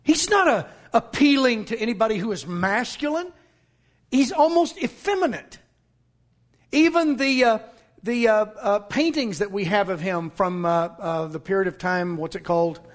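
A man preaching a sermon as pastor, emphatic and scornful, breaking into shouts. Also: high-pitched, animated, moderate pace.

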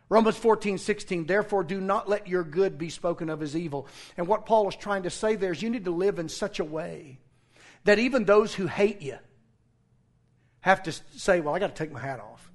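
A middle-aged man preaching a sermon in a high voice. He reads scripture in a steady tone, then gets heated and close to shouting as he recounts his own run-ins. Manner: animated, rising to near-shouting in retold confrontations. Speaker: pastor.

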